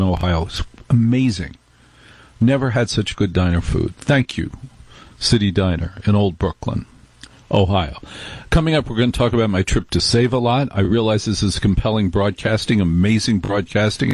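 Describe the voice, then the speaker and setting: A middle-aged man hosts a talk radio show in a low, husky voice. He rambles through his day in a chatty, wry way. The sound is dry and close. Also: a little mellow, no echo. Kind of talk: casual talk radio monologue.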